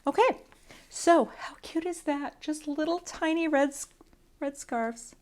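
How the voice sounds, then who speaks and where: Her voice sits high, unhurried and a little mellow, as this woman teaches card coloring. It's a casual, chatty walkthrough, and she pokes fun at herself, muttering under her breath as she goes.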